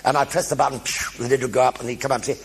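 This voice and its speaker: Older British male raconteur, gravelly voice, animated stage storytelling with quick impressions. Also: mid-range voice, noisy background. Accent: British English. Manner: lively raconteur, mimics others' voices with sound effects. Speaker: actor telling stage anecdotes. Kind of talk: one-man stage show storytelling. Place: theatre stage.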